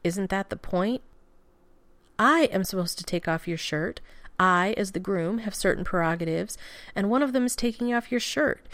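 A woman's voice: mid-range voice, steady tone, a little slow, few pauses, a little mellow, no room sound, close to an everyday voice. A woman reading the lines of a playful, self-assured man, close to her own voice. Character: playful, confident adult man, newly married.

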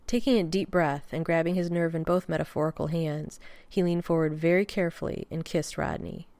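Low-voiced woman narrating a story. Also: creaky, a little mellow, no room sound. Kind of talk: fan fiction reading.

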